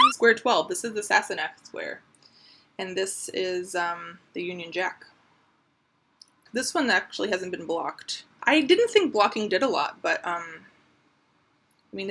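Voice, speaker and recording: A woman's voice: mid-range voice, a bit bright. A woman showing her crochet squares in a casual, upbeat, chatty vlog, full of fillers. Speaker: crochet vlogger. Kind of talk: casual show-and-tell.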